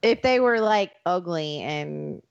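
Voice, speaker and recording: A woman with a thick Southern American accent co-hosting a casual chat, adding joking asides and side stories. Her voice sits a bit low, and the recording sounds dull and lo-fi. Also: lively intonation, takes it slowly, vocal fry, smooth. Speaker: podcast co-host. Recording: dull lo-fi audio.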